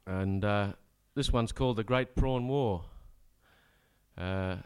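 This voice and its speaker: On stage, this Australian man recites a comic ballad of rollicking rhymed verses, slipping in dry, sardonic asides between them. His voice is lowish and clean, and he delivers it slowly.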